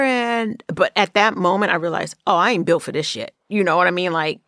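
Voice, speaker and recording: A woman's voice: on the low side, fairly quick, hardly any pauses, a bit bright, no echo, studio quality. A middle-aged woman from the Bay Area hosting a podcast, telling personal stories in casual, candid, profane chat. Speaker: podcast host.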